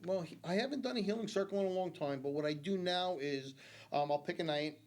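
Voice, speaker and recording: A middle-aged man, a guest psychic medium, tells stories in a studio interview in a casual, animated way, dropping in lots of "like" and "okay?". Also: sits high, fairly quick. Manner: animated storyteller, many fillers like 'like' and 'okay?'. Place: community TV studio.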